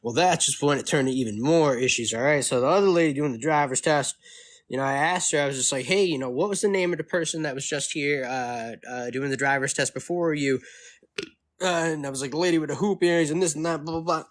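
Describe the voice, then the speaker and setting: A man's voice: on the high side, fast talker. Profane ranting man telling a story. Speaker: vlogger. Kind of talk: casual ranting vlog. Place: California.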